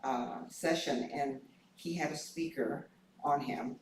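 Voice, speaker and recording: Hoarse man reflecting slowly in echoey temple. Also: mid-range voice, slight background noise. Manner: halting, many pauses and fillers. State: hoarse, clearing his throat. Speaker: temple board member sharing a reflection. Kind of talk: informal dharma reflection. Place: temple hall. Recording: echoey hall, mic far off.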